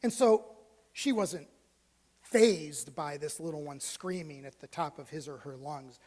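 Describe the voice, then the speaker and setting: A male pastor telling a story in a sermon, moving from hushed, almost whispered lines to loud, animated ones. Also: on the high side, measured pace. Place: church sanctuary. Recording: long church hall reverb.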